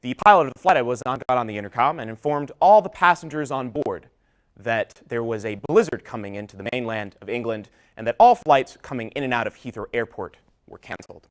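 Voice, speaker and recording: A young man giving a public talk, telling a personal story, whose voice trails off low at the ends of his sentences. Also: lively intonation, a little fast. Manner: storytelling with shifting volume, drops low at line ends. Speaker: public speaker.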